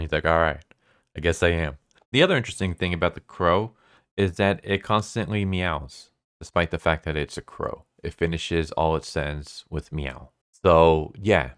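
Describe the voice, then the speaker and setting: A man's voice: deep voice, clear, resonant tone, dry recording, clean studio sound. A man casually recapping a manga chapter in a laid-back, chatty way, leaning on "like" and "basically.". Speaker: manga reviewer.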